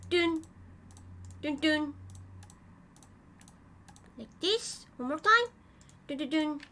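A young woman streams a game in very high, bright tones, her pitch leaping all over as she squeals, gasps and hums little sing-song tunes. She talks slowly in simple, broken English, with faint keyboard typing in the background. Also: expressive, a little hiss or hum. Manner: sing-song humming while playing. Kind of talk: casual gameplay chat.

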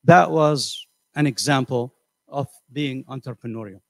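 An older man giving a motivational seminar, animated and conversational, asking the audience questions and acting out voices. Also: medium pitch, unhurried, vocal fry, dry recording, clean studio sound. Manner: animated, acts out quoted voices. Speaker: seminar speaker. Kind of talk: motivational lecture. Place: community center hall.

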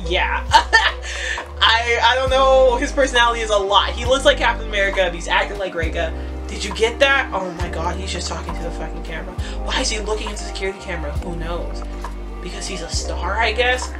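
A woman reacting live as she reads a comic aloud, excitable and foul-mouthed, breaking into laughs and shrieks. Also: mid-range voice, fairly quick, over music. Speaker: manga reader reacting live. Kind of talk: casual reaction read-along.

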